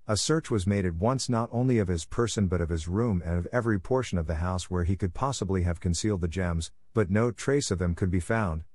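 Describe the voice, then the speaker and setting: A man reading a classic detective story aloud in the first person, with a measured, dramatic delivery and emphatic outbursts. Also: low-pitched, a little mellow, no room sound. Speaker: audiobook narrator. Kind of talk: scripted first-person narration.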